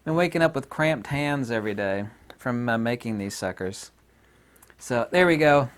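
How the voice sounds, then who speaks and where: A man's voice: medium pitch, lively intonation, normal speed, smooth. Sarcastic rambling man vlogger. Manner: sarcastic, rambling, laughs at his own jokes. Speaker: YouTube vlogger. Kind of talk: casual talk to camera.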